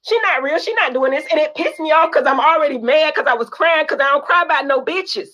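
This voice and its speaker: A woman's voice: high voice, fairly quick, sharp tone, rough recording. An older woman talking bluntly and emotionally in a heated podcast chat, swearing freely and rambling. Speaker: reality TV guest.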